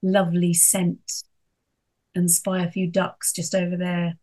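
A middle-aged woman giving an earnest devotional reflection, telling a personal story and softening her voice for emphasis. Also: on the low side, completely flat delivery, a little slow. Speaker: speaker sharing a devotional reflection.

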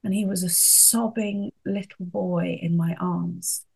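Slow-speaking woman, devotional. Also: lowish voice, steady tone, gravelly, breathy edge. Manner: earnest, storytelling, slows and softens for emphasis. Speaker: speaker sharing a devotional reflection. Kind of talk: reflective devotional talk.

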